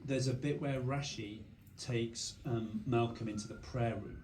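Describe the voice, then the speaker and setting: A man chatting onstage at a screening before a live audience, telling animated anecdotes with lots of restarts. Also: medium pitch, unhurried. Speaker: panel guest. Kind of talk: onstage conversation. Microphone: stage mic recorded from the audience. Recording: roomy hall sound with faint noise.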